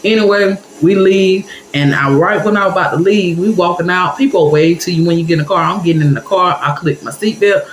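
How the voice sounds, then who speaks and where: A woman's voice: on the low side, brisk, hardly any pauses, echoey room, slight background noise, low-quality recording. A woman telling a personal story to her viewers in a chatty, casual way, talking straight to them. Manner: animated, chatty, addresses viewers directly.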